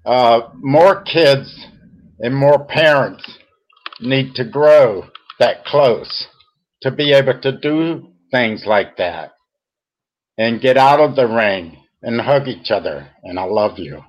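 A middle-aged man speaks as a podcast guest, unhurried and earnest. He pauses and restarts as emotion creeps in. The audio is a touch muffled. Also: medium pitch, expressive. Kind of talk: heartfelt interview talk.

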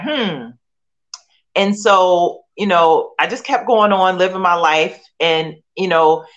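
A middle-aged woman from Philadelphia tells her faith story as an interview guest, in a voice pitched a little low. She talks with feeling, restarts her sentences and piles up rhetorical questions. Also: a bit bright. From Philadelphia, USA. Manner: emotional, repetitive, restarts often, rhetorical questions. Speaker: guest sharing a testimony. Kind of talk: candid personal testimony.

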